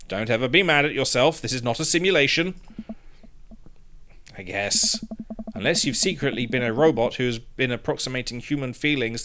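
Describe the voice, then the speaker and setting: A man's voice: mid-range voice, normal speed, sharp tone, a little hiss or hum. A man doing jokey, rambling let's-play commentary, swearing freely while reading a game aloud. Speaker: game streamer.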